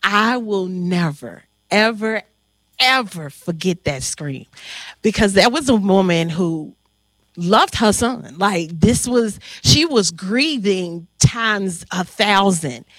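A woman hosting a talk on grief, telling a personal story in a heartfelt, animated way with frequent pauses. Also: medium pitch, no echo. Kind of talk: emotional storytelling.

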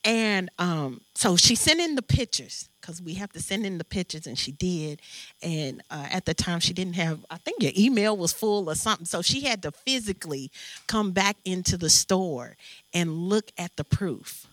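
A woman hosting a panel conversation, telling a story in an earnest, emotional, animated way. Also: on the low side, normal speed, no echo. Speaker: host.

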